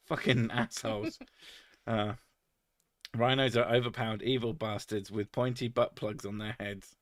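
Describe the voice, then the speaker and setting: A man's voice: lowish voice, fairly even intonation, normal speed, no room sound, studio quality. A man reading chat on a live stream, joking crudely, swearing a lot and laughing often.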